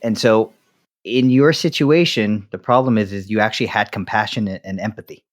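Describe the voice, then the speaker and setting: A man co-hosting a casual podcast conversation, blunt and wry and quick to laugh. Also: on the low side. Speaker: podcast co-host.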